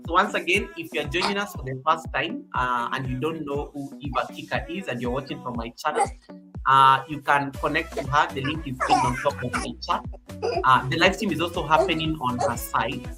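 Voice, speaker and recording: This Kenyan-accented livestream host talks a little fast in a medium pitch, reading viewer comments aloud and repeating phrases in a relaxed way. Music plays behind the voice.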